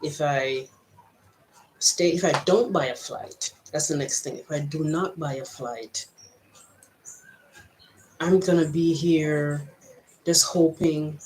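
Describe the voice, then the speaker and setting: Halting woman with an American-Jamaican accent. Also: deep voice, a little mellow, a little hiss or hum, poor audio. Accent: mix of American and Jamaican. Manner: reflective, halting, thinking aloud with frequent restarts. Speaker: vlogger. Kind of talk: personal vlog monologue.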